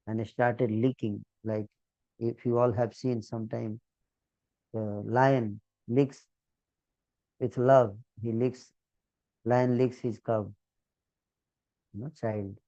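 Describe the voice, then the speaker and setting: A man preaching a scripture-story sermon, gently retelling the tale with repetitions and little asides to his listeners. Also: medium pitch, no room sound. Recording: dull lo-fi dry recording.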